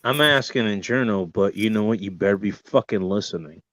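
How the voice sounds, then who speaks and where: Man ranting, swinging loud to murmured. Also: fairly low pitch, brisk, no echo. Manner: heavy swearing, rhetorical questions. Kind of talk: mock-serious profane rant. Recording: dull lo-fi dry recording.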